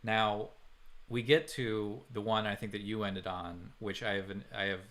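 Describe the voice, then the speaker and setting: A man's voice: on the low side, steady tone, measured pace, fairly bright tone. A man hosting a podcast, chatting casually and ranting sarcastically with some swearing. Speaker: podcast host. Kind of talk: casual chat.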